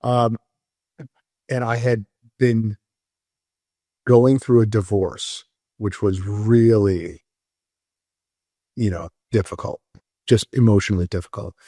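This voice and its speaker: A man's voice: on the low side, steady tone, dark tone, no echo. Candid middle-aged man, dry close sound. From Moldova. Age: 40s. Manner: candid, halting, many fillers and restarts. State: near tears. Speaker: podcast guest. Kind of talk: emotional personal storytelling.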